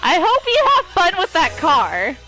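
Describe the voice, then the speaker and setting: A woman talks through a game as she plays, excitable and easily panicked, often breaking into laughter. Her voice sits high and swings widely, with a bright, sharp edge. She takes her time between bursts of alarm, and faint game music plays underneath. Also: measured pace, poor audio. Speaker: gamer streaming with friends. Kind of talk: live gaming commentary.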